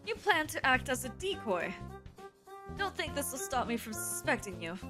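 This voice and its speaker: A woman's voice: high voice, very animated, moderate pace, music in the background. A woman reading a visual novel aloud, voicing a haughty, contemptuous aristocratic male pigeon student who speaks in curt, scornful commands.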